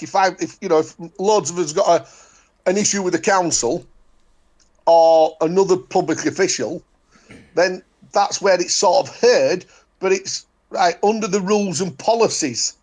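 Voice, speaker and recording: A man's voice: sits high, measured pace. A man with a Yorkshire accent talking in casual chat, making blunt, repeated declarations. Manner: emphatic, repetitive, declaring.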